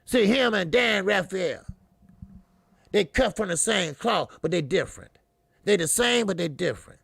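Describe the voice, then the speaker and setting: A man with a high voice and a heavy gravelly fry rants about boxing as a channel host. He is profane, repeats himself, and mocks as he goes. The sound is dry and close. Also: lively intonation, moderate pace, fairly bright tone, no echo. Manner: profane, repetitive, mocking, fiery. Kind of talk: heated commentary monologue.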